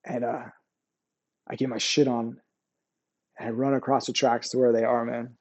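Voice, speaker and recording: A man, an army veteran, telling combat stories in a candid interview, profane and halting, often restarting and dropping his voice on painful memories. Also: mid-range voice, little pitch movement, darkish tone.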